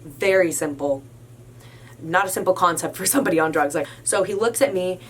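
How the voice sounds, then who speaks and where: A young adult woman telling a story about her job in a casual, animated way, with lots of "like"s. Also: fairly low pitch, a little fast, slight background noise. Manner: animated, emphatic retelling with many "like"s. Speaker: storyteller recounting a work incident.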